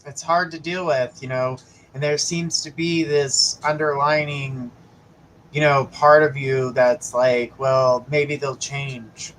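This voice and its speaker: A man co-hosting a live psychic show, chiming in slowly with agreement. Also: a little high, fairly even intonation, fairly bright tone, a little hiss or hum, rough recording. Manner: slow, agreeing interjections. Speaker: psychic co-host.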